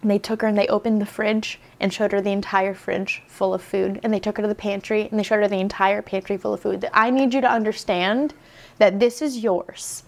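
A woman hosting an interview, telling a story in an emotional, animated way. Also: medium pitch, fast, gravelly, few pauses. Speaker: podcast host. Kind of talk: conversational interview.

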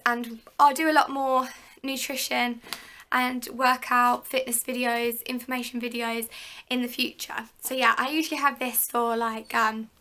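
A young Englishwoman, a fitness vlogger and personal trainer, chats casually to her viewers in a show-and-tell vlog, her talk full of fillers and asides. Her voice sits fairly high, bright and pushed, with vocal fry.

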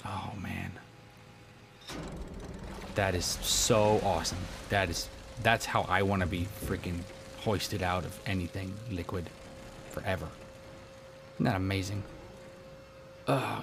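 A young man giving excitable, goofy gameplay commentary, often dropping into a hushed half-whisper. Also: sits low, noisy background. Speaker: let's play gamer.

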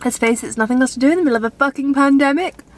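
A woman's voice: sits high, very fast, a little hiss or hum. A woman chatting casually and playfully to her camera as a dog-owning vlogger, swearing often. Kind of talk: casual vlog chat. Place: in a car and outdoors in snow. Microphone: handheld camera.

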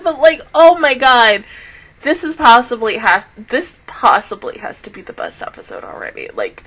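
Bright, lively emotional woman reviewer. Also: on the high side, normal speed, slight background noise. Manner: tearful, emotional, swearing, exclaiming. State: crying. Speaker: anime reaction host.

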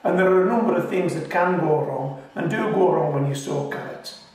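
A man from the United Kingdom hosts a gardening video in a relaxed, joking, reassuring way, now and then laughing at himself. His voice sits a little high. He sounds set back from the mic in a very echoey space. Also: a little fast. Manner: talks with his mouth full at times. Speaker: gardening channel host. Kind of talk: casual friendly how-to talk. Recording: very echoey, voice from a distance.

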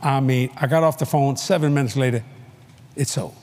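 A male preacher telling a story in a sermon at a convention, animated and playful, laughing often and bursting into shouts. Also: mid-range voice, a little fast. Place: convention hall before a live audience.

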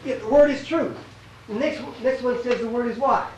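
A man's voice: extremely high pitch, moderate pace. Older canadian guy teaching bible class, emphatic, keeps asking the room, echoey hall, mic far off. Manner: emphatic, repeats words, quizzes the audience. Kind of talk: church teaching session. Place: small church hall. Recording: echoey room, distant mic, faint hiss.

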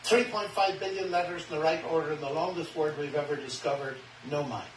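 Animated man telling a story, roomy distant sound. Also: brisk. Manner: animated, acts out quoted dialogue with big pitch jumps. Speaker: guest. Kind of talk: storytelling in an interview. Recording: roomy, distant mic, faint background hiss.

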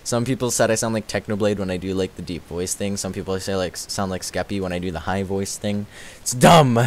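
A young man chatting on a live stream and reading out his chat, giggly and excitable, dropping to low mumbles and jumping up to high squeals. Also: brisk.

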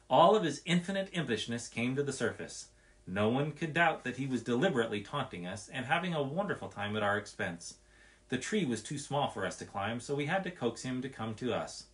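Man reading a storybook out loud, medium voice, steady and expressive. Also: mid-range voice.

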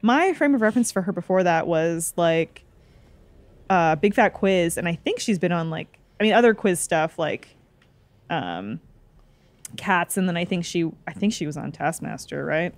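Canadian woman, casual gaming chat, animated and quick, dry close mic. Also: fairly low pitch, no echo. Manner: animated, quick, puts on mocking voices in retellings. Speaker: show regular. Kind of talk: casual chat over a gameplay stream.

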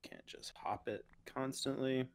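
Very deep-voiced woman joking dryly. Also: fairly even intonation, a little slow, whispered. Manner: dry, joking asides, chuckles. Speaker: game player. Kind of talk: casual co-op gaming chat.

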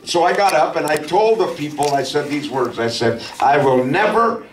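A man's voice: a little high, animated, fairly quick, distant mic, slight background noise. Fervent preaching man in echoey church. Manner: testimony preaching, rising to fervent shouts. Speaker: pastor. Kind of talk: sermon. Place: church sanctuary.

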